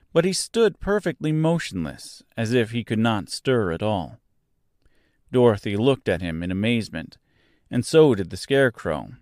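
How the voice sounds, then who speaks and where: Slow, expressive male storyteller. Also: lowish voice, dry recording, studio quality. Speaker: podcast host and narrator. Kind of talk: storybook read-aloud narration.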